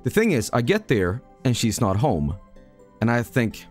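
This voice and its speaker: A man's voice: fairly low pitch, sing-song, a little slow, faint music behind. A man, a streamer casually telling a rambling, self-mocking story.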